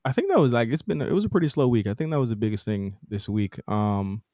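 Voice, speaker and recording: A lively man hosts a casual podcast chat, his mid-pitched voice swinging widely up and down. He talks loosely in slang and laughs often, and the recording is dry and close. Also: quick pace, no room sound. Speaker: podcast host.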